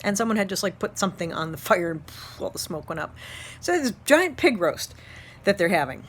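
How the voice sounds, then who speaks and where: A woman in her fifties from Ohio, an instructor telling a story to her class in an animated way and laughing often. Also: mid-range voice, fairly quick, slight background noise. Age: 50s. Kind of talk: storytelling lecture.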